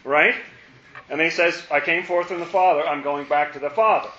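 Bright-voiced playful man teaching scripture. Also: fairly high pitch, fairly quick. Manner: animated, playful, acts out quoted lines. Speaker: Bible study teacher. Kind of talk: teaching a Bible study. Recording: roomy, dull lo-fi.

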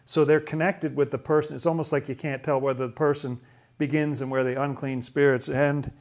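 A man's voice: medium pitch, little pitch movement, a little fast, darkish tone. A man leading a casual Bible study, talking through a passage and asking lots of questions, with frequent restarts. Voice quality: asks lots of questions, chatty, stumbles and restarts.

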